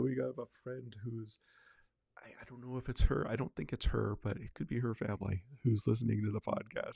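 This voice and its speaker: A man's voice: medium pitch, creaky, darkish tone, no room sound. A male podcast host chatting casually on his own, rambling with lots of fillers and restarts. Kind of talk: casual solo livecast chat.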